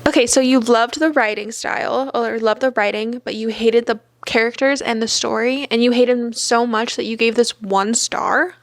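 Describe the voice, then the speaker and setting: A young woman talks through a casual book review at home in a slightly high, bright voice. Her delivery is wry and chatty, full of easy fillers. The sound is close and dry, with no room echo. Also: steady tone, normal speed, few pauses. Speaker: book vlogger.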